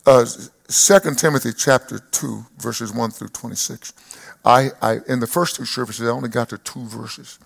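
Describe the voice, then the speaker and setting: Gravelly older male pastor preaching. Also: medium pitch, steady tone, moderate pace. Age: 70s. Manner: rises to loud emphatic peaks, drops to soft reflective asides. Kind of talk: sermon. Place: church service before a live congregation.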